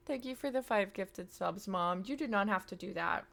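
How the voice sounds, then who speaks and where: A woman's voice: medium pitch, lively intonation, normal speed, vocal fry, fairly bright tone. A woman in her thirties chatting casually to her live-stream audience, rambling with plenty of fillers. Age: 30s.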